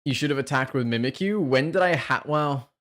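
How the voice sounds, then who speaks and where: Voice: mid-range voice, a little fast, fairly bright tone. A card game streamer in casual gaming commentary, swearing freely and picking apart their own misplays in rambling, restarting sentences.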